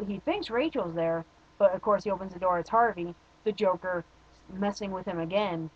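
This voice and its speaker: Young man, casual home review, opinionated, halting restarts, slightly dull lo-fi sound. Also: high voice. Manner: rambling, opinionated, frequent restarts and fillers. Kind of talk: casual spoken movie review.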